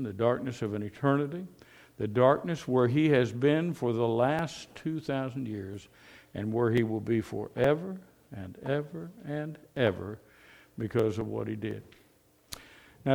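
A man's voice: medium pitch, darkish tone. A man preaching an earnest sermon, reading scripture aloud and building to emphatic points. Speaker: pastor.

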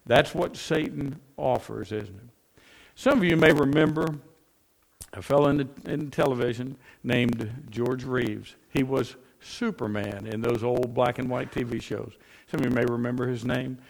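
A man delivers a sermon in a medium-pitched, gravelly voice. He preaches earnestly, and his emphasis swells up and then sinks low as he makes his points. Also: normal speed. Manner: earnest storytelling preacher, rising and dropping emphasis.

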